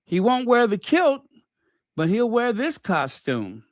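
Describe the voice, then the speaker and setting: Lively, unhurried woman commentator. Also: on the high side, dry recording, studio quality. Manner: chatty, teasing, fumbling with clips. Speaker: commentary channel host. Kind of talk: casual commentary over clips.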